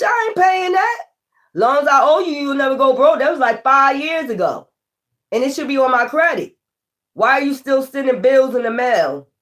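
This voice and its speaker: A woman tarot reader ranting casually to her viewers, profane, animated and exasperated. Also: medium pitch.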